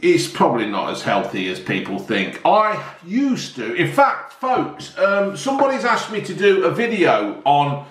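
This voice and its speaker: A man's voice: a little high, sing-song, a little slow, few pauses. Rambling, jokey man in an echoey room. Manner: rambling, jokey, addresses viewers as folks. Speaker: product reviewer. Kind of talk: casual chatty review.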